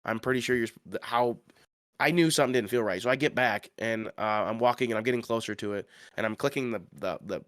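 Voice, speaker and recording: A man's voice: medium pitch, fast talker, fairly bright tone, no echo, studio quality. A man co-hosting a podcast, telling a story in casual chat, rambling with lots of fillers and restarts. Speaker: podcast co-host.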